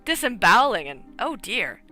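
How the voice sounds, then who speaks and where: A woman's voice: mid-range voice, sing-song, moderate pace, sharp tone, faint music behind, voice pushed up. A woman voicing a timid young woman whose voice trembles. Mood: nervous. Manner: tremulous.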